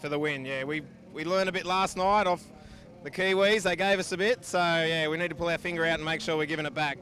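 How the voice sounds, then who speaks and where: A man's voice: on the high side, steady tone, fast talker, sharp tone. An Australian man, a sidecar racer, answering trackside questions steadily and matter-of-factly. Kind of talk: casual trackside interview. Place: outdoor speedway pits.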